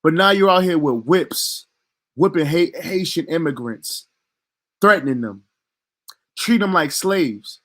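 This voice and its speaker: A man's voice: fairly high pitch, expressive, measured pace, pauses often, a bit bright. A man delivering a heated commentary rant as a vlogger, talking in a profane, emphatic and indignant way.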